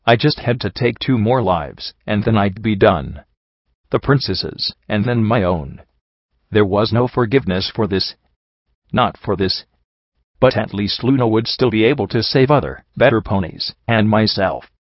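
Male narrator, low voice, earnest first-person story reading, dry muffled lo-fi recording. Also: animated, a little slow, no room sound. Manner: earnest, emotional.

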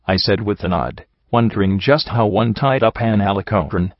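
A man reading a fan fiction story aloud with steady storytelling, on a dull, dry recording. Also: on the low side, normal speed, hardly any pauses, no room sound. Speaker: audiobook narrator.

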